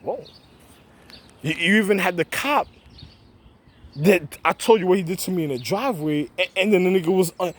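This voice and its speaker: A man's voice: high voice, normal speed, pauses often. A man in a rambling, agitated monologue, swearing often, repeating himself and acting out his own past replies. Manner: agitated, repetitive, swearing, quoting himself in raised voice.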